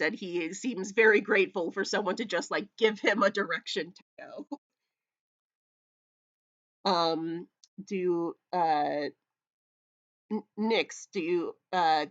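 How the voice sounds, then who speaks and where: A woman narrating a tabletop game as game master, hesitant, with many ums and pauses. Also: on the low side, fairly bright tone. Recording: muffled lo-fi voice chat audio.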